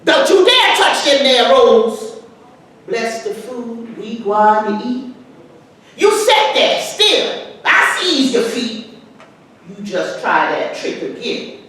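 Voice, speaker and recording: A woman's voice: fairly high pitch, sing-song, slow, heavily acted. A woman reciting as a stern scolding older woman. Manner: loud, scolding, sing-song dialect delivery. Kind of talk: dramatic poetry recitation. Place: arts venue, live discussion. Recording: echoey hall from far off, faint noise.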